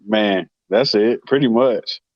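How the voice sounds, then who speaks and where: A man co-hosting a sports talk show in casual chat, relaxed and hesitant with many fillers. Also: lowish voice, slow, no room sound, dull audio.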